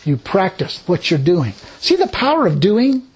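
Male preacher, husky and higher-pitched, swinging his intonation widely, emphatic and repetitive, calling out praise. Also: huge pitch swings, normal speed. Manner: laughs between points. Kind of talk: sermon.

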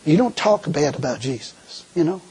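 A man preaching a sermon in a folksy, animated way, full of rhetorical questions. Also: fairly high pitch, moderate pace, breathy edge.

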